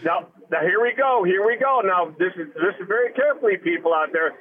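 A man's voice: high voice, lively intonation, fairly quick, slight background noise. A man calling in to a radio show, giving a folksy, emphatic blue-collar rant. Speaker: caller. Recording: tinny phone line.

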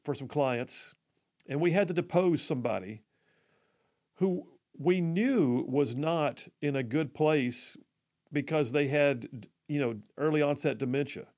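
Middle-aged male radio host, gravelly voice, rambles with lots of ums and restarts. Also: a little high, unhurried, a little mellow. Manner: rambling, many fillers and restarts. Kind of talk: live talk radio monologue.

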